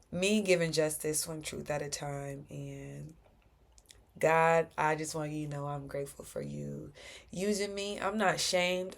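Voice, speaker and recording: A woman hosting her own podcast, speaking in a heartfelt, preachy solo reflection full of slang. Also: deep voice. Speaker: podcast host.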